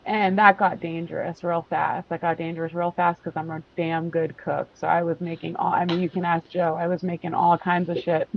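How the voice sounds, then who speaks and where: A woman's voice: lowish voice, level tone, fairly quick, vocal fry, few pauses, slight background noise. Chatty woman hosting a lo-fi livestream. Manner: chatty, laughs often, talks to chat readers. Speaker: livestream host. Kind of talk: casual livestream chat. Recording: dull lo-fi stream audio.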